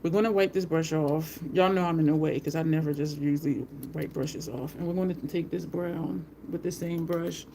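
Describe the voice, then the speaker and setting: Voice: mid-range voice, normal speed, vocal fry, few pauses, dark tone, slight background noise. Brief: talkative makeup host at home, rambling storyteller, mid-range voice, laughs often. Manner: greets live viewers by name. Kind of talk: casual chat while doing makeup.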